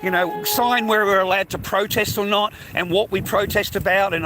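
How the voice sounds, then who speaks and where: A man's voice: high voice, fairly even intonation, normal speed, bright, forceful tone, slight background noise. Profane older Australian man ranting. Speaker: vlogger. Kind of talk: rambling casual monologue to camera.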